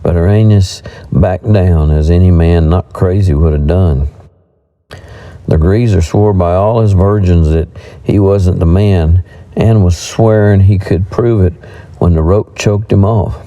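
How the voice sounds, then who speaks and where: A man narrating a western audiobook in a measured, deliberate way. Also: low-pitched, dark tone, rough recording.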